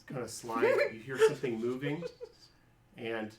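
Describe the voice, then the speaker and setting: A man's voice: mid-range voice, huge pitch swings, moderate pace, a loud crowd. A man narrating a tabletop game as game master, describing scenes with many fillers and restarts.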